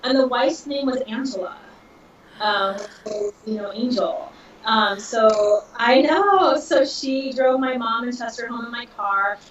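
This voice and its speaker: A woman's voice: a little high, measured pace. Podcast guest, woman, 30s, emotional storyteller, echoey room, faint background noise. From Southern California. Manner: emotional, animated retelling with laughs. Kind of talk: casual storytelling. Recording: dull, distant, roomy audio.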